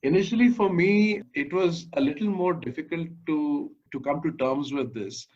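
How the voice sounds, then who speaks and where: A man's voice: a little high, normal speed. A man, an interview guest who speaks reflectively and hesitantly with frequent fillers. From India. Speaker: interview guest, business founder. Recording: distant, dull lo-fi audio.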